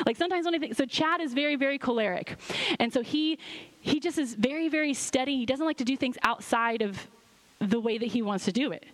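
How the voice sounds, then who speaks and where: Woman pastor, middle-aged, slightly high voice, lively conversational sermon delivery. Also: fast talker. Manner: bubbly, animated, full of laughs and voice-acted quotes.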